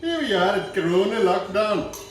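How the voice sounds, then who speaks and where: High-voiced Irish man joking in kitchen. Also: moderate pace, very echoey, soft background music, low-quality recording. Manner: jokey, rambling, deadpan asides. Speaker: home cooking show host. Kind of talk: comic cooking demonstration. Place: home kitchen.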